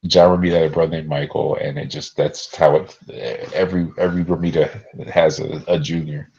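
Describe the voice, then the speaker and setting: This podcast co-host has a low, gravelly, warm voice with a flat, brisk delivery. Laid-back and rambling, he jokes and restarts often during casual chat, and the sound quality is dull and lo-fi.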